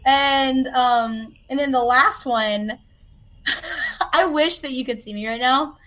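A woman's voice: high voice, slow pace, bright, forceful tone. A woman from the American South, hosting a podcast and telling a chatty, self-deprecating story. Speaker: podcast host. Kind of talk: casual chat.

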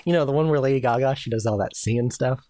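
A man's voice: medium pitch, fast, warm tone, dry recording, clean studio sound. A man co-hosting a podcast in casual chat, hesitant with many fillers and a wry, teasing manner. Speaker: podcast co-host.

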